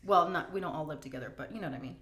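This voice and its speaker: Middle-aged woman vlogger, frank and emotional, slightly low voice, echoey room sound. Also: fairly bright tone. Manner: candid, emotional, drawn-out emphasis. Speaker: vlogger answering viewer questions. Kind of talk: casual Q&A chat.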